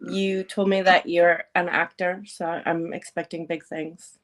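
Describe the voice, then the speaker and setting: With a lowish voice and a flat, unhurried delivery, this podcast host keeps her casual chat playful and teasing. Laughter breaks in frequently between what she says.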